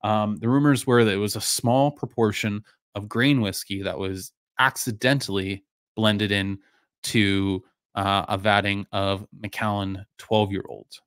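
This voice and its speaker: A man's voice: lowish voice, a little slow, clean tone, no room sound, studio quality. Man hosting a casual live stream. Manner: relaxed, rambling, many fillers and restarts. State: voice going a bit hoarse. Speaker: live-stream whisky reviewer, host. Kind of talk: casual live-stream chat, answering viewer comments.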